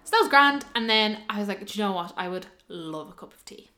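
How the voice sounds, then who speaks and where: A woman's voice: medium pitch, fast. A young woman, casually telling a story and acting out the voices of the people in it. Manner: animated, quoting others in lively voices.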